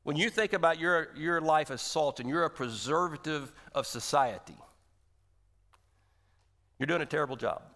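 A man's voice: a little high, moderate pace, long pauses, sharp tone. A man preaching a sermon as pastor, with an emphatic delivery that leans hard on repeated phrases. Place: church sanctuary. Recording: long hall reverb.

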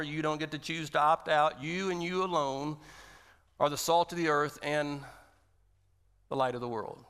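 A man's voice: on the high side, a bit bright. A man preaching a sermon as pastor, with an emphatic delivery that leans hard on repeated phrases. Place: church sanctuary. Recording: long hall reverb.

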